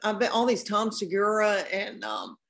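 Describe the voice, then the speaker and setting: A woman's voice: mid-range voice, moderate pace. A woman, a comedian guest chatting on a podcast in a folksy, exclaiming way. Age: 50s. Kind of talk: casual podcast chat.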